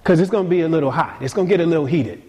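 A man delivering a sermon with a fairly high voice. He talks casually and stumbles over repeated words, then climbs into sudden emphatic peaks before dropping back down low. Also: rapid-fire. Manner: dynamic preaching, swings between quiet and emphatic. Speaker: pastor.

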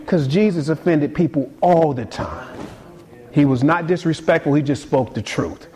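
Pastor, male, fairly high voice; dynamic conversational preaching, quiet lows to emphatic peaks. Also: moderate pace, a little hiss or hum. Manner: casual conversational delivery with repeated words. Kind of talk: sermon.

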